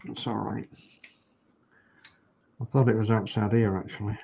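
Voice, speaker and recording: A man's voice: fairly low pitch, little pitch movement, unhurried, vocal fry, dull audio, a little hiss or hum. A man chats casually and mutters encouragement to himself while painting a scale model at home. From United Kingdom. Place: home hobby room.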